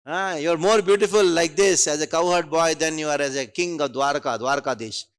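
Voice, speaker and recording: A man's voice: a little high, fairly quick, clear, resonant tone, natural voice. A man voicing an adoring queen who praises her husband in a retold story. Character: adoring queen, gushing devotion.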